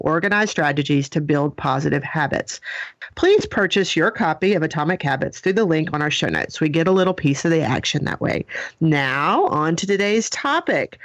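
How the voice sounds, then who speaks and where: A middle-aged woman hosting a podcast, talking to her listeners in a chatty, animated way. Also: on the low side, dry recording. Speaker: podcast host. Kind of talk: casual podcast chat.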